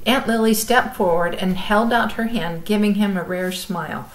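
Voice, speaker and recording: A woman calmly reading a chapter book aloud, as if to a class. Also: mid-range voice, rough recording. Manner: calm, measured storytelling.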